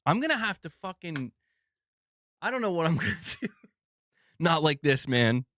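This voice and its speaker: A man's voice: on the high side, big pitch swings, moderate pace, fairly bright tone. A man ranting on his live stream, exasperated and swearing a lot. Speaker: gaming news streamer.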